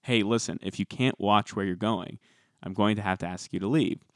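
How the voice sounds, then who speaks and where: A man hosts a casual podcast in a relaxed, gossipy way, reading out quotes between his own asides. His voice is recorded dry and close, with no room sound. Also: fairly low pitch, moderate pace, no echo. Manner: chatty, gossipy, reads quotes aloud. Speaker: podcast co-host. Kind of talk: casual chat.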